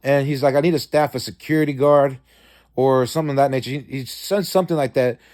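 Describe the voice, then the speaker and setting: Speaking quickly in a steady, darkish tone, a man rambles profanely through a dream he had. He uses many fillers and restarts, and his pitch jumps suddenly whenever he acts out quoted lines.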